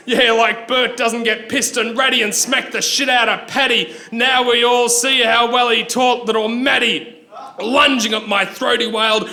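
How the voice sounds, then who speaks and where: A young Australian man performing a live satirical rhyming poem on a pub stage, ranting fast. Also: high-pitched, steady tone, pushed and bright. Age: young adult. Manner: fast satirical rant in rhyme. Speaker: performance poet.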